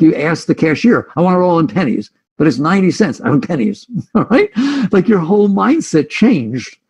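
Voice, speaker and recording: Here a man whose voice is fairly high yet gravelly, a bit husky and a touch mellow gives a thoughtful, conversational spiritual talk as a teacher. He keeps slipping into the inner thoughts of those listening, and the sound is muffled and lo-fi.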